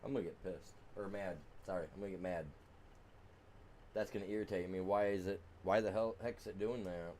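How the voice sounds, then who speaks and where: A man streaming a farming game, grumbling and muttering, then bursting out loud at the game. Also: low voice, fairly even intonation, a little fast, a little hiss or hum. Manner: frustrated grumbling, swings between mutters and loud outbursts at the game; sings along off-key to music. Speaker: gaming streamer. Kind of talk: casual live-stream commentary.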